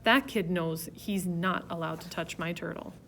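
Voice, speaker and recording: A woman reading a children's chapter book aloud, telling it in a lively first-person voice. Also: lowish voice, normal speed, slight background noise. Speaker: reader. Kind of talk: storybook narration.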